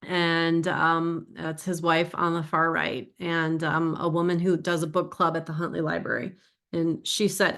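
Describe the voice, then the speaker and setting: A woman's voice: low voice, level tone, a little slow, gravelly, a bit bright. A middle-aged woman author giving an informal, chatty talk about her book to an audience, digressive and emotional as she tells stories.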